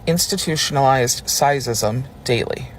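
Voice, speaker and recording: A man's voice: mid-range voice, measured pace, a little hiss or hum. A man in a casual explainer video, reading quotes aloud and talking chattily with lots of "like". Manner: chatty, reads quotes aloud, many fillers like "like". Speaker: video creator explaining terms.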